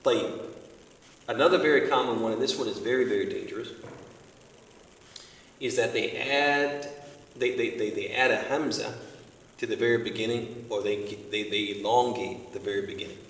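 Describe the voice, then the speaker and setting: A man's voice: on the low side, moderate pace, long pauses, fairly bright tone, a little hiss or hum. A man teaching an evening study circle lesson, explaining patiently and often checking with his listeners through rhetorical questions. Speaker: religious studies teacher. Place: large community center hall. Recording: echoey hall, voice from far off.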